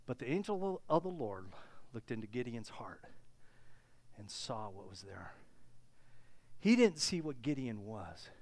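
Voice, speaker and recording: A preacher delivering a sermon in an animated storytelling manner, swinging between loud bursts and hushed asides, with pauses and filler words. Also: mid-range voice, dry recording.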